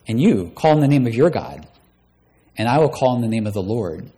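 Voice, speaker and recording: A man's voice: medium pitch, sing-song, a little fast, mellow. Man preaching a dramatic sermon. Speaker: pastor. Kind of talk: sermon with scripture reading.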